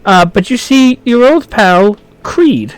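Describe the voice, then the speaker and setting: A man running a tabletop game as dungeon master, narrating scenes with many pauses and self-corrections. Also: fairly high pitch, lively intonation, no room sound. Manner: halting, full of ums and self-corrections.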